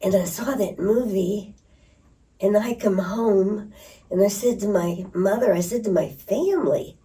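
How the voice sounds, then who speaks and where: With a mid-range voice and a measured pace, an older woman being interviewed shares stories from the past, laughing as she performs different voices. It's recorded on a distant mic.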